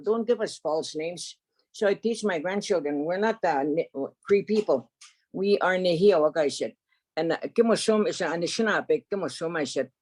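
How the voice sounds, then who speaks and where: An older woman from Canada, an elder telling stories from her life in an unscripted, halting way, often restarting and adding "eh?". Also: on the low side, a little mellow. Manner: halting, with many restarts, fillers and a tag "eh?". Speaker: elder storyteller. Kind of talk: unscripted spoken storytelling.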